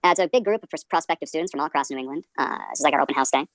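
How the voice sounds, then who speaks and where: A man's voice: on the high side, racing, no room sound. A male comedian in his twenties hosting a podcast, rambling through tangents in a self-deprecating way.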